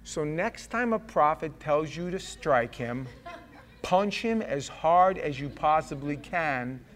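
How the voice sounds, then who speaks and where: A man's voice: on the high side, animated, takes it slowly, a bit bright. A man preaching a sermon, joking and acting out the scripture with voices. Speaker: pastor.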